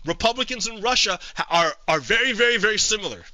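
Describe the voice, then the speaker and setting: Male streamer, casual commentary to chat, halting and repetitive, very bright voice, dry sound. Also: high voice, animated, no room sound, low-quality recording. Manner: halting, with frequent repeats and restarts.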